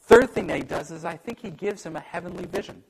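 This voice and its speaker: A man preaching a sermon in an animated way, acting out the voices he quotes and joking about himself. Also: high-pitched, fast talker, gravelly, husky, poor audio. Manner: animated, acts out quoted voices, self-deprecating humor. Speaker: pastor.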